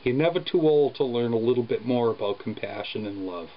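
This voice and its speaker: A man, a father, telling a story about his son in a casual vlog, speaking in an earnest, halting way. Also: mid-range voice, lively intonation. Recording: dull lo-fi sound with faint background noise.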